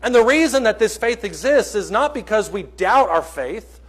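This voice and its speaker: Earnest high-voiced male preacher. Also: sing-song, normal speed. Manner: earnest, emphatic, self-correcting with small jokes. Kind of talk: sermon. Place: church.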